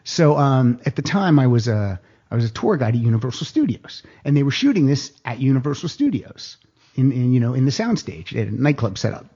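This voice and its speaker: A middle-aged man telling a long story in a casual podcast chat, animated and acting out other people's lines. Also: mid-range voice, a little fast, husky. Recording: dull lo-fi podcast audio.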